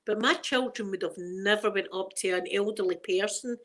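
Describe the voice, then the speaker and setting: A middle-aged Scottish woman with a Glaswegian accent hosts a casual ASMR chat, rambling through stories packed with local slang. Her mid-range voice moves at normal speed with a fairly bright tone.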